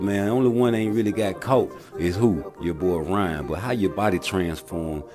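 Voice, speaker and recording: A man's voice: low voice, moderate pace, hardly any pauses, a little mellow, faint music behind. A man ranting in slangy commentary on his vlog, tagging "man" onto nearly every phrase. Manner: heated slangy rant, ends phrases with "man". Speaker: vlogger and personal trainer.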